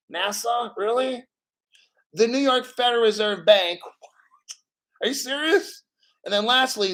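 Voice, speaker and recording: A man with a high, sharp voice hosts a crypto livestream. He rants in a heated way, firing rhetorical questions and swearing often. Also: rough recording. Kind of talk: ranting livestream commentary.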